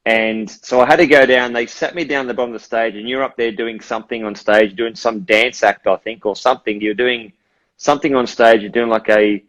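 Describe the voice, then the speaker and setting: An Australian man in his forties tells a story in an easygoing, relaxed way. His voice has a middle pitch, and it comes through a phone with dull, lo-fi sound. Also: brisk. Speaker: guest. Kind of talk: casual chat on a live stream.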